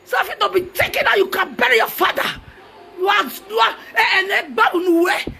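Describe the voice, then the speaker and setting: Switching languages as she goes, a Nigerian woman who is a social media personality yells a taunting, heated, mocking rant. Her delivery is animated and brisk, her very high voice sharp and gravelly, with some slight background noise.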